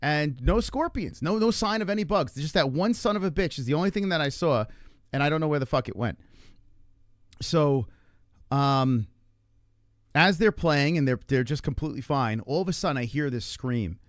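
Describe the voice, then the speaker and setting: A man who is a father, telling a family story in a casual, animated way, full of swearing and acted-out quotes. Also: fairly high pitch, moderate pace, no echo, studio quality. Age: adult parent. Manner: animated, profane, acts out quotes. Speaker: livestream host. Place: Arizona.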